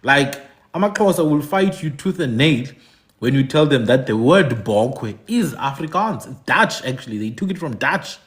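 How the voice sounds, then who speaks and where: A man's voice: medium pitch, lively intonation, normal speed. A man from Africa, giving emphatic commentary, repeating his points and asking "hmm?". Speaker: podcast host. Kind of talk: animated commentary.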